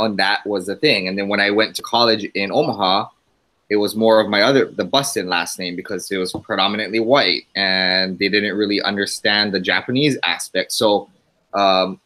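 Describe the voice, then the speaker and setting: A man's voice: lowish voice, bright, forceful tone, rough recording. A man from Hawaii who grew up there, talking reflectively in a class discussion with fillers and restarts. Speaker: graduate student in a class webinar. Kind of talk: casual discussion.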